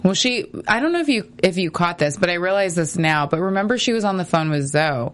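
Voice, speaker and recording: Chatty woman with a lowish voice. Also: expressive. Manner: quick, chatty, laughs often. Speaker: podcast co-host. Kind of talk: casual chat recapping a TV episode.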